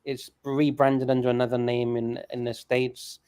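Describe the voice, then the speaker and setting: A man's voice: medium pitch, little pitch movement, normal speed, darkish tone, clear, resonant tone, dry recording. A man chatting casually in a group, explaining things by listing examples.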